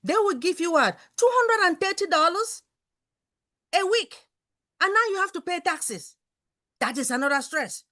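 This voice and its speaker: A woman talking as a guest on an online talk show, telling animated stories full of asides over a video call. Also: extremely high pitch, moderate pace, pauses often. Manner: animated storytelling with many asides. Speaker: guest speaker. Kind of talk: casual talk-show chat.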